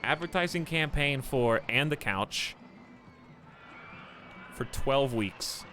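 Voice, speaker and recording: A man casually chatting through a live game stream at home, animated and chuckling often. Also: medium pitch, slow pace, slight background noise.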